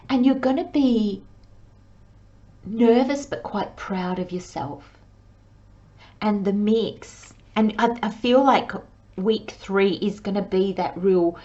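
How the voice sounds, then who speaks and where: Unhurried woman giving a tarot reading. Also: medium pitch, a little mellow, highs cut off. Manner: chatty, acts out worried inner voices, frequent fillers. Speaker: tarot reader. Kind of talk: monthly tarot reading monologue.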